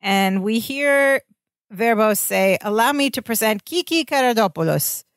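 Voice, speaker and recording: A woman's voice: on the high side, measured pace, dry recording, clean studio sound. A woman co-hosting a podcast, casually retelling an episode and quoting the characters. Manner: animated retelling, quotes characters. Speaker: podcast co-host. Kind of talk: casual recap chat.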